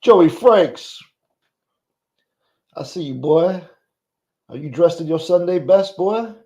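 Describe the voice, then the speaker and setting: A man's voice: on the high side, animated, takes it slowly, darkish tone. A man hosting a livestream, greeting chatters by name in a profane, joking, casual way. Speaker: livestream host.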